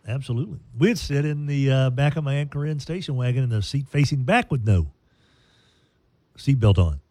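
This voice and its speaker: A man's voice: medium pitch, animated, moderate pace, darkish tone, no echo. A man co-hosting a radio show in casual, rambling, joking chat. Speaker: radio host.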